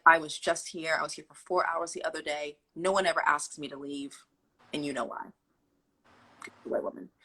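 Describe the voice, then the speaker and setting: Young adult woman guest, husky and a bit low, acts out quotes as she tells a personal story. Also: poor audio. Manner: animated, acts out quotes with fillers like "like". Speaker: guest telling her story. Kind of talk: candid storytelling.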